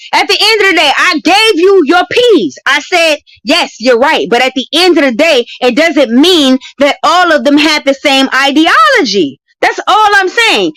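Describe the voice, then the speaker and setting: Heated, profane high-voiced woman arguing. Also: a bit bright, dry recording, low-quality recording. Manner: confrontational, profane, emphatic repetition. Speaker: debating guest. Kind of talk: heated live-stream argument.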